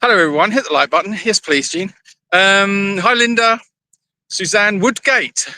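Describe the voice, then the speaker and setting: A man's voice: high-pitched, normal speed, bright, forceful tone, rough recording. A man hosting a casual live stream from an animal sanctuary, chatting and rambling as he greets viewers by name while walking around outdoors on his phone. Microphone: phone held in hand.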